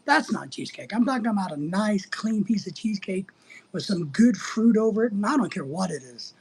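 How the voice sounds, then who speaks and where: A man's voice: high voice, lively intonation, brisk, darkish tone, slight background noise. A middle-aged man hosting a casual livestream, reading out chat and rambling in a crude, joking way.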